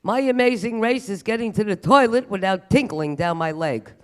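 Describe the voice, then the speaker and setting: A comedian putting on a slow, complaining elderly retiree in a stand-up bit. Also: male voice, sits high, animated, voice pushed up. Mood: grumbling. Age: older. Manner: slow, loud kvetching.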